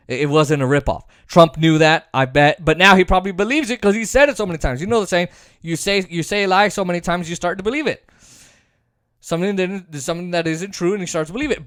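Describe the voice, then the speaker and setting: A man giving a casual political rant as a commentator, sarcastic and heated, his voice climbing into shouts. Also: high-pitched, animated, moderate pace, no echo, clean studio sound.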